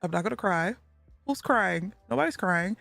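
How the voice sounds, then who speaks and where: Lively woman streamer chatting with chat. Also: mid-range voice, normal speed, vocal fry, no echo, soft background music. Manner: laughs often, reads chat messages aloud. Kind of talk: casual live-stream chat.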